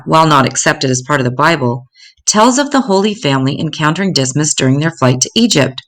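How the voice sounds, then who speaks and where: Older woman, low voice, storybook read-aloud, gentle measured pace.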